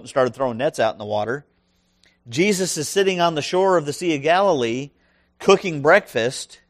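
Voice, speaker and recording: A man preaching a sermon who reads a scripture passage aloud and then explains it, stressing his points and checking in with the listeners. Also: a little high. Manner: emphatic, asks the listeners questions.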